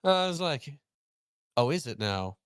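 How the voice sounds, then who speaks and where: A man's voice: a little slow, clear, resonant tone, no echo, studio quality. A young man hosting a casual chat, telling a story and acting out both sides of the dialogue. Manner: animated, acts out quoted dialogue with pitch jumps. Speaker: host.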